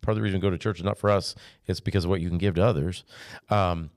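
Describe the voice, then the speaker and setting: Deep-voiced man, dry close sound. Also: racing, no echo. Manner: relaxed, chatty, with restarts and light humor. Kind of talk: conversational teaching with scripture.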